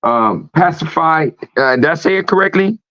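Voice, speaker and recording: A man's voice: mid-range voice, expressive, measured pace, fairly bright tone, dry recording. A man hosting a livestream talk show, ranting emphatically with a lot of profanity. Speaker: host. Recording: dull lo-fi stream audio.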